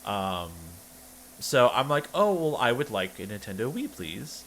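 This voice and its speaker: On a livestream, a male streamer tells a rambling personal story, wry in tone and full of restarts as he keeps interrupting himself. His mid-range voice swings widely in pitch, runs a little slow, and sounds fairly bright. A faint hiss or hum sits under the recording.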